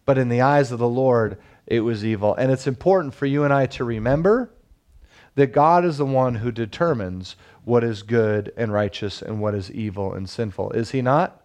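A man's voice: medium pitch, moderate pace, darkish tone. A man in his thirties preaching a sermon as pastor, with rising emphasis and frequent rhetorical questions.

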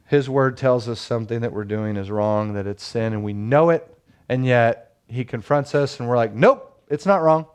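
A man's voice: mid-range voice, normal speed, darkish tone, smooth. Emphatic preaching man with rhetorical questions. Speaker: pastor. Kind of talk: sermon.

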